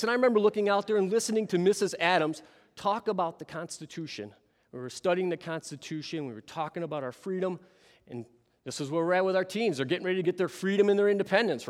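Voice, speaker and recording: A man telling a story to an audience in an animated way, often turning to ask the listeners questions. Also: fairly high pitch, in a large hall. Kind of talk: storytelling talk.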